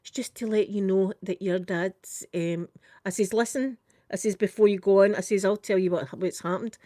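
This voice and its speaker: An older Scottish woman tells a story in a lively, chatty way and keeps saying "I says" as she retells what was said. Her voice sits at a middle pitch, and the recording is close and dry with no room sound. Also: normal speed, dry recording. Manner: animated, repeats "I says" while retelling a conversation. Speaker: vlogger. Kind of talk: casual storytelling chat.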